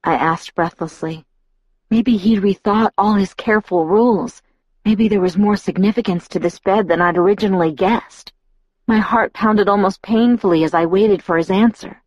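A woman narrating a first-person audiobook in an intimate, breathy storytelling manner. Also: mid-range voice, normal speed, darkish tone, no echo, muffled recording.

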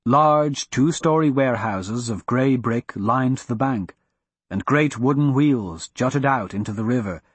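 A man narrating a fantasy audiobook in a steady, measured storytelling manner. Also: mid-range voice, breathy edge, no echo.

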